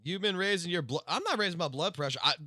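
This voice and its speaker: A young man with a South Louisiana Cajun accent, live streaming a loud, emphatic, profane rant that swings between loud and low-key. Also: animated, quick pace, no room sound, clean studio sound.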